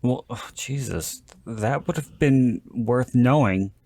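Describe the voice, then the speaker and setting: A man's voice: medium pitch, takes it slowly, a little mellow, no room sound. A man hosting a podcast in casual chat, rambling and joking, often stopping to restart his sentences. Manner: rambling, self-interrupting, jokey. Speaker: podcast host.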